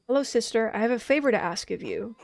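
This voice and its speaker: A woman's voice: fairly high pitch, animated, fast talker, creaky, a little hiss or hum. A woman reading the lines of a polite, curious young woman, the main character of a game.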